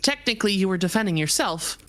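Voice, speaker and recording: A woman's voice: medium pitch, animated, quick pace, a little hiss or hum, natural voice. A woman voicing a naive, curious otherworldly being in a live visual novel reading, earnest and formal. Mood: flustered. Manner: earnest, formal and a little hesitant.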